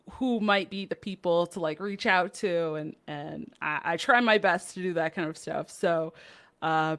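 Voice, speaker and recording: A woman's voice: fairly low pitch, a bit bright. A woman co-hosting a card game podcast in casual chat, upbeat and chatty with frequent laughs. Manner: upbeat and chatty, laughs often, many fillers. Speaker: podcast co-host.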